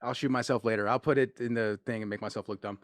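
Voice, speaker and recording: Animated male host, mid-pitch, dry sound, jumps into voicing people in his stories. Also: fast talker, dry recording. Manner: excitable storyteller, acts out quotes, laughs often. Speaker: interviewer. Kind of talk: casual interview chat.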